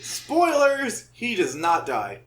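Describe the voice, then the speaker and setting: A man's voice: high-pitched, expressive, moderate pace, fairly bright tone, a little hiss or hum. A man chatting on a podcast, ranting in an exasperated way and swearing freely. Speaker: podcast co-host. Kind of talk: casual podcast chat.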